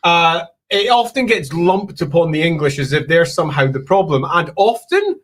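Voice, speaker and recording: A Scottish man co-hosting a live-stream chat, talking in a chatty way with frequent laughs and lively asides. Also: a little high, moderate pace. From Scotland. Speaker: podcast co-host.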